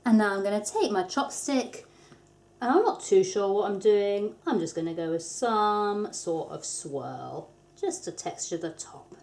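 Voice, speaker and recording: An English soap maker hosts a craft tutorial, chatting casually with light self-deprecating humour. Her medium-pitched voice is expressive and a little mellow, and she speaks in an unhurried way.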